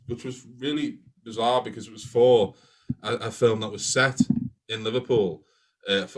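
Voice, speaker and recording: A man's voice: on the low side, rough recording. A man with a Scouse accent co-hosting a live panel podcast, telling stories in a laughing, self-deprecating way. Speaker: podcast co-host. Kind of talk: casual panel chat.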